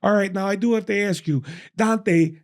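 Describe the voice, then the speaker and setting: A man's voice: high voice, normal speed, voice pushed up. A man voicing an overly polite, suspicious male rideshare driver who talks formally and insists on things. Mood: earnestly polite. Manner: formal, insistent, repeats "my friend".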